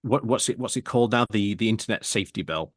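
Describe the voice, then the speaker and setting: A man's voice: on the low side, quick pace. A man co-hosting a casual political chat, hesitant and chiming in with short agreements. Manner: brief agreeing interjections, hesitant. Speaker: co-host.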